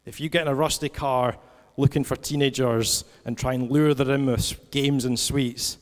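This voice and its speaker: A man in his forties delivers a sermon in a relaxed, storytelling manner, moving between scripture reading and personal anecdote. His mid-range voice trails off in a long church-hall reverb. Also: mid-range voice, normal speed. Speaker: preacher.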